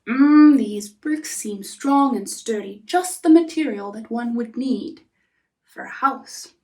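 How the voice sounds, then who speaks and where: A woman voicing a thrifty, hardworking little pig, speaking slowly and deliberately. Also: on the high side, lively intonation, mellow, distant mic.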